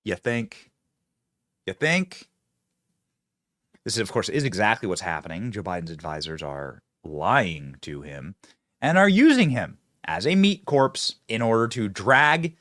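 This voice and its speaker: Host read: man, sarcastic political commentator, lively swooping delivery, dry close mic. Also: fairly low pitch, normal speed, no echo. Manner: mocking, sarcastic, laughs at own jabs. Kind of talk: fast opinionated political commentary. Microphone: close studio mic with earpiece.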